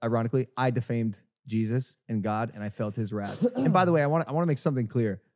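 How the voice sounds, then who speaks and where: A man's voice: medium pitch, quick pace, a little mellow. A young man in his twenties hosting a podcast, telling a story in casual chat with lots of restarts and fillers. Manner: rambling, many restarts and fillers. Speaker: podcast host.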